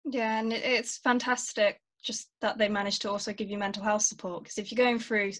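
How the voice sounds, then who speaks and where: A woman interviewing a guest, warm and encouraging. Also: medium pitch, fairly even intonation, fairly quick. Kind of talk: conversational interview.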